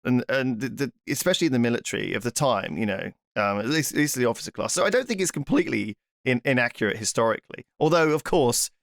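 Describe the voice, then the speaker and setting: Dry, mid-pitched British man explaining. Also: expressive, vocal fry, no echo. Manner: explanatory, measured, many restarts. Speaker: podcast co-host. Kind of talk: casual chat.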